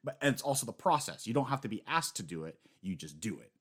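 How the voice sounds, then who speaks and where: A man co-hosting a casual manga chat, rambling and animated, swearing now and then. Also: on the low side, fast talker, breathy edge. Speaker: podcast co-host.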